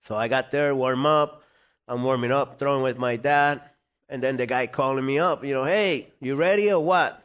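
Man telling a lively story. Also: medium pitch, normal speed, clear, resonant tone. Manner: animated, acts out quoted voices. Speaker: interview guest. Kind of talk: storytelling in conversation.

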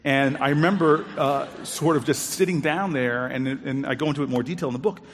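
A man's voice: on the high side, brisk, a little hiss or hum. A man telling a personal story to an audience, acting out the quoted dialogue with big jumps in his voice. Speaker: storyteller on stage. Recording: long hall reverb.

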